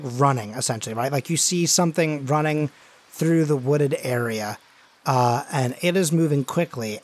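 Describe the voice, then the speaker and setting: Rambling higher-voiced man running the game. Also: no echo. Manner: rambling, heavy with fillers like "like" and "you know". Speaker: game master. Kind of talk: narrating a tabletop game.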